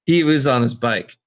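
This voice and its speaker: A man co-hosting a podcast, telling a rambling anecdote in casual chat and acting out the people he quotes. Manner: rambling anecdotes, acts out quoted voices higher. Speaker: podcast co-host.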